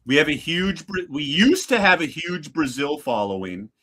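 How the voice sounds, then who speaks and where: A man's voice: fairly high pitch, big pitch swings, normal speed, a bit bright. A man co-hosting a casual live watch-along chat, laid-back, laughing easily and swearing casually. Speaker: podcast co-host.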